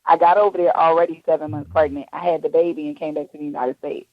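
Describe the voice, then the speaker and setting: Gravelly woman telling her story. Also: sits low, fast, dry recording, lo-fi sound. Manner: candid, animated, acts out quoted voices. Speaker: guest. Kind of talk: personal storytelling in a radio interview.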